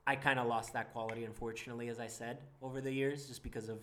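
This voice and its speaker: A man's voice: mid-range voice, flat delivery, rapid-fire. A young man talking in a casual couples chat, earnest and reflective, laughing often.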